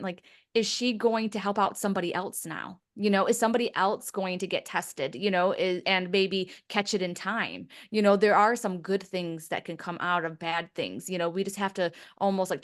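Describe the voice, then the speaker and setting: Brief: woman guest on a chat podcast, lively anecdotal storyteller, middle pitch. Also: normal speed, few pauses. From Michigan. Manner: animated storytelling with frequent laughs. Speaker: podcast guest, psychic medium mentor. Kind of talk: casual podcast conversation.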